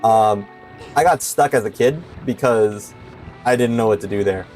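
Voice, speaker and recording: A man's voice: lowish voice, moderate pace, darkish tone, faint music behind. A young man giving casual commentary while playing a video game, hesitant and full of filler words. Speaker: streamer.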